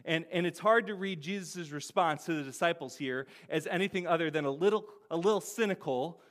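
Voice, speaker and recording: A man preaching with a fairly high voice for a man. He talks to the congregation like a conversation, often checking in with "right?" and laughing softly. He repeats words as he restarts his sentences. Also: brisk. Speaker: pastor. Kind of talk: sermon.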